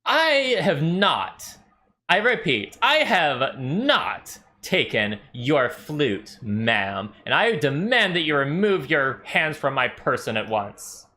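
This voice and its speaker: A man voicing a flustered, indignant male halfling who protests in a shrill, haughty way. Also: big pitch swings, measured pace, hardly any pauses, pushed and bright.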